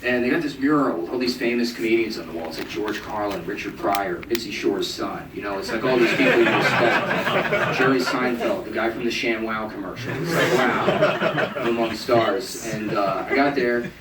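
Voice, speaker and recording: A young man telling a stand-up story in a dry, deadpan way, now and then jumping high to quote others. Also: normal speed, far from the mic, heavy background noise. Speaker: stand-up comedian. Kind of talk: stand-up set. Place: comedy club stage. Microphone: handheld stage mic, taped from the audience. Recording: roomy bootleg taped from the crowd. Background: crowd laughter.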